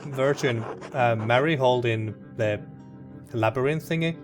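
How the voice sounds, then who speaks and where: A male host commentating a narrative game playthrough. He reacts earnestly and with open emotion, in a voice of ordinary pitch. Clear game music plays under his talk. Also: normal speed, pauses often. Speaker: let's play host. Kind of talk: gameplay commentary.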